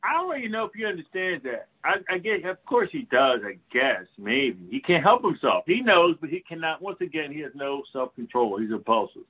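Excitable, profane man on a tinny line. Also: on the high side, brisk, hardly any pauses, breathy edge. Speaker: political talk show co-host. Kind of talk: casual political commentary.

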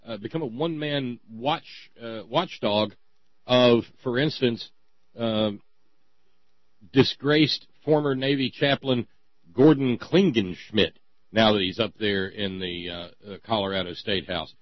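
Dripping sarcasm, this talk radio host wanders and stumbles through restarts, his pitch lively as it springs up and drops off. He takes his time, and the audio is dry and a bit muffled.

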